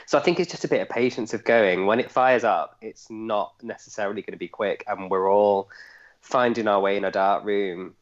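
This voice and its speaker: Deepish guy giving calm encouraging advice, muffled lo-fi sound. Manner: earnest, measured, encouraging. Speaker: casting director and guest. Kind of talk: casual chat, giving advice. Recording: dull lo-fi recording.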